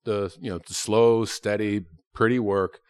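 A man's voice: fairly low pitch, flat delivery, clear, resonant tone. A middle-aged man, an improviser, reminiscing in casual chat with frequent restarts and swearing. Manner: halting, full of restarts and profanity.

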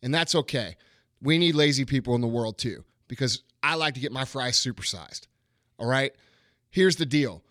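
A man's voice: medium pitch, normal speed, a bit bright, dry recording, clean studio sound. A man hosting a motivational podcast, talking bluntly and emphatically with plenty of profanity and punchy rhetorical questions. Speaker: podcast host.

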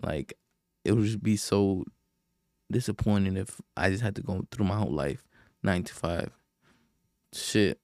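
Low-voiced young man ranting casually. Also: unhurried, pauses often, a little mellow, no room sound, studio quality. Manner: rambling, profane, frequent sighs and fillers. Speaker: podcast host. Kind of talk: casual solo podcast rant.

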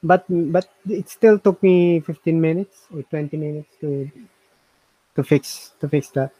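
A man hosting a casual review chat, talking in halting bursts and repeating his words. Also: fairly high pitch, warm tone, husky, no room sound, rough recording. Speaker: host reviewing software.

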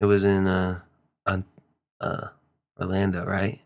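A man's voice: low-pitched, monotone, unhurried, a little mellow. A young man from Nevada co-hosting a podcast, chatting casually, laughing often and swearing. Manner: laid-back, laughs often, swears a lot. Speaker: podcast co-host. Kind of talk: casual chat.

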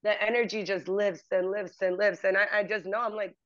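A woman's voice: mid-range voice, fairly even intonation, fairly quick, fairly bright tone, no echo. A woman podcast host in a conversational interview, reflective and encouraging. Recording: dull, lo-fi sound.

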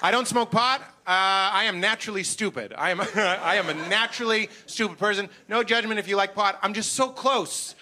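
A man doing a stand-up comedy set on stage, animated and self-mocking. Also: sits high, normal speed, few pauses. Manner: animated, self-mocking, slips into goofy voices. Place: comedy stage before a live audience.

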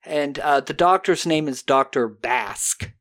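Animated, profane podcast recapper. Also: medium pitch. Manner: animated retelling with quick put-on character voices, profane. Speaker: podcast host. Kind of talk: casual episode recap.

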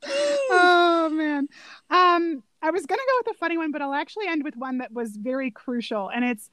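A woman's voice: sits high, fast talker, fairly bright tone, dry recording. A woman co-hosting a podcast, chatting casually about a film as an enthusiastic, gushing fan. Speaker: podcast co-host.

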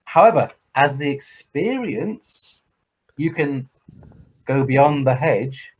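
A man's voice: medium pitch, expressive, takes it slowly, breathy edge, rough recording. Sweary English man telling stories. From England. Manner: sweary storyteller, acting out others in voices. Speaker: podcast co-host. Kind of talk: casual podcast chat.

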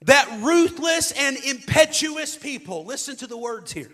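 A man's voice: very high voice, lively intonation, a little slow, few pauses, a bit bright, long reverb tail, faint music behind. A man preaching a sermon as pastor, reading scripture dramatically with rising intensity.

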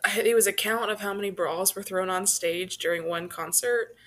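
A woman co-hosting a podcast chats casually. She talks haltingly, padding her sentences with "um" and "like". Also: mid-range voice, fairly bright tone. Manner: hesitant, full of "um" and "like". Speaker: podcast co-host. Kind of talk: casual chat.

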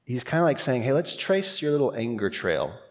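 A man preaching a sermon as pastor, talking in a conversational, animated way with quick asides. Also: mid-range voice, in a large hall.

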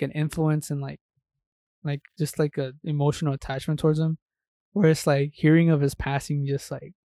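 A man's voice: fairly high pitch, warm tone, no room sound, studio quality. A young man co-hosting a podcast, talking casually and rambling with lots of filler words. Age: young adult. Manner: rambling, heavy use of "like". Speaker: podcast co-host. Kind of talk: casual chat.

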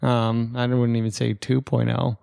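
Young guy with a gravelly voice on a podcast, dry close sound, goofing around a lot. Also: medium pitch, moderate pace, dry recording. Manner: animated, mock-pleading, riffs on jokes. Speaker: podcast co-host. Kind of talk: casual podcast chat.

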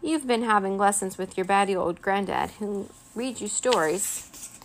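A woman's voice: mid-range voice, a little slow, natural voice, rough recording. A woman voicing a mocking schoolboy bully in a storybook read-aloud, with a sneering manner.

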